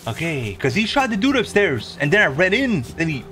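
A man's voice: high-pitched, big pitch swings, brisk. A man chatting casually with a friend while gaming, laid-back and swearing freely. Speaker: gamer.

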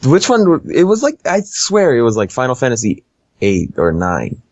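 A man co-hosting a casual podcast, deadpan and easygoing, who laughs often. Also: medium pitch, moderate pace, no room sound, lo-fi sound. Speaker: podcast co-host.

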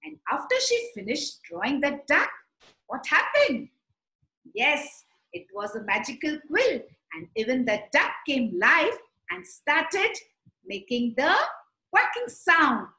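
Preschool teacher, woman: high lively voice, slow and bright, echoey room. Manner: slow, sing-song and animated, addressing children directly. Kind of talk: storytelling and teaching letters to young children.

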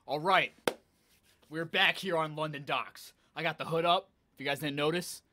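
A young man giving excitable live commentary on an online shooter match, talking to his viewers and trash-talking as he plays. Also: fairly high pitch, normal speed, no echo. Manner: excitable, talks to viewers, trash-talks while playing. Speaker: gaming channel host.

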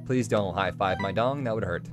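A man streaming a video game live, joking and reacting excitedly as he chats with viewers. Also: fairly low pitch, moderate pace, loud music behind the voice. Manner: excitable, jokey, breaks into song snatches. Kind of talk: live gameplay commentary.

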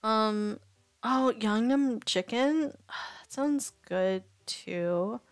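A woman's voice: a little high, expressive, drawn-out words, no room sound, soft background music. A woman streamer chatting casually and thinking aloud, rambling and indecisive. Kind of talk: casual live-stream chat.

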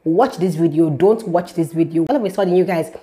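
A young woman telling her faith testimony to camera in a lively, repetitive storytelling way, speaking straight to her viewers. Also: fairly low pitch, fairly quick. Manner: animated storytelling, repeats phrases, speaks directly to viewers. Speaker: vlogger sharing a faith testimony.

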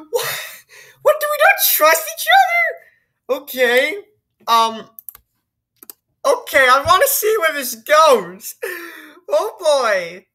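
A woman with a bright, sharp voice that swings widely in pitch as she plays a text game. She reads the story aloud in an unhurried way and breaks off into incredulous, swearing, laughing reactions. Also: huge pitch swings. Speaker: video game streamer. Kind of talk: gameplay commentary, reading story text aloud.

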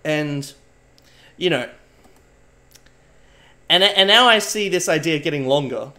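A man's voice: a little high, expressive, takes it slowly, sharp tone. A young man live-streaming, talking to his chat in a rambling, mock-serious way and swearing often.

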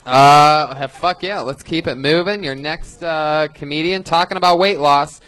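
A man's voice: a little high, moderate pace. A man hosting a live comedy show, brash and teasing as he introduces comics and questions them. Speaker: show host. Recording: loud music behind.

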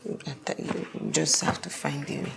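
A Nigerian actress playing an anxious, apologetic young roommate who pleads and explains in a hurry. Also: female voice, low-pitched, fairly even intonation, slow, exaggerated voice. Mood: worried. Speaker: actress in a film. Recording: film soundtrack with clear music.

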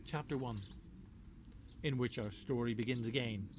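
A children's author, a man, reading his storybook aloud in a lively, rhythmic, playful way. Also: medium pitch, normal speed, slight background noise. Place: home.

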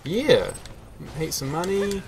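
A man's voice: sits high, big pitch swings, slow pace, background noise. Self-mocking man playing a game. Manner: self-mocking, chatty, swears when frustrated. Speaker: game player. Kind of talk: solo gameplay commentary.

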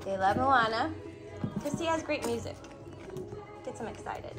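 A woman's voice: a little high, animated, a little slow, pauses often, over music. A young woman with a cold chatting in sing-song baby talk to puppies in an indoor pen. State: has a cold. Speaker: dog breeder. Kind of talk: casual vlog, chatting to puppies. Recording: noisy background.

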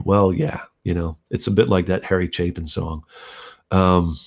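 A man's voice: deep voice, fairly even intonation, measured pace, pauses often. A man, a songwriter, talking casually and thoughtfully about writing his own song, rambling with restarts and acting out quotes with animation. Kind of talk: reflective casual talk on songwriting.

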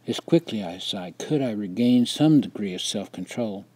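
Older Wisconsin man, memoir reader, mellow and reflective delivery. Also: lowish voice, animated, moderate pace, husky. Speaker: memoir narrator. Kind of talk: reading a personal memoir.

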